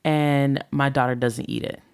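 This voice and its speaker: With a bass voice that is steady, a little slow, a little mellow and smooth, a relationship talk show host in her thirties reflects candidly. Her monologue rambles and is full of fillers.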